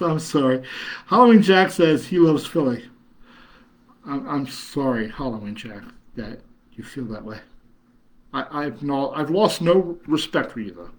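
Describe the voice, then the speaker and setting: Middle-aged man, livestream host, rambling and chuckling, mid-pitched. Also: normal speed. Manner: rambling, chuckling, many fillers and restarts. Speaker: horror host reading live chat. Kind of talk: casual livestream chat.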